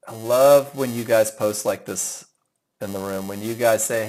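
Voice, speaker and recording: An upbeat, chatty man in middle age teaches a live trading class. He praises and teases his students by name as he walks through their charts. His voice sits at an ordinary middle pitch. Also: moderate pace, a little mellow, low-quality recording. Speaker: trading instructor. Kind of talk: live webinar teaching, reviewing students' trades.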